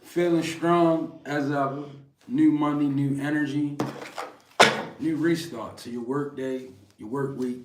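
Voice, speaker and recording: A man's voice: on the high side, fairly even intonation, measured pace, distant mic. A man co-hosting a card reading stream, earnestly retelling a scripture story as a spiritual message. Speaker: card reader, co-host. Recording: roomy, off-mic with faint noise.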